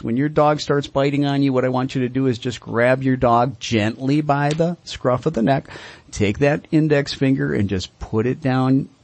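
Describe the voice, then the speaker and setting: Man, radio dog-training host, gravelly, husky, dry close sound, direct coaching manner. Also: mid-range voice, darkish tone, no room sound. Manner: direct, coaching, repeats "okay?". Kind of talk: call-in radio advice.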